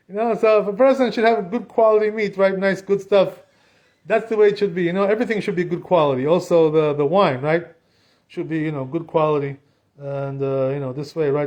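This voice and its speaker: A man's voice: a little high, darkish tone. A man teaching as a rabbi in a synagogue, in a casual, chatty way, filling his talk with "you know". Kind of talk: casual spoken class.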